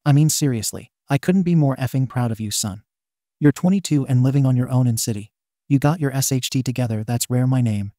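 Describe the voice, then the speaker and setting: A man voicing a caring middle-aged father who gives his son steady, reassuring advice. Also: mid-range voice, brisk, no echo, studio quality, natural voice.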